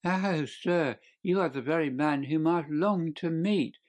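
A man's voice: on the high side, expressive, slow, gravelly, darkish tone, voice pushed up, heavily acted. A man reading an audiobook, voicing a frightened small man who whines and quavers in a raised voice. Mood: nervous. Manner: quavering, whining.

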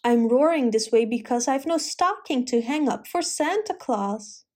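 A woman's voice: high voice, animated, a little slow, darkish tone. A woman voicing a wild, roaring male March hare who speaks in rhyme. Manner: rhyming, boisterous.

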